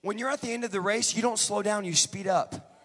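High-voiced preacher, shouting in a hall. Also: male voice, fairly quick. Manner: builds from joking asides to shouted, rhythmic preaching. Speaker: guest preacher. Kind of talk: sermon. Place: large church.

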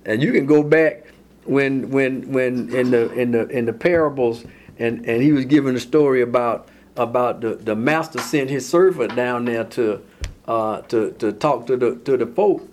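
Male Bible study teacher, mid-pitched, folksy and repetitive, slow scripture reading. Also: a little mellow. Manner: folksy, repeats words, reads scripture slowly then acts out speakers.

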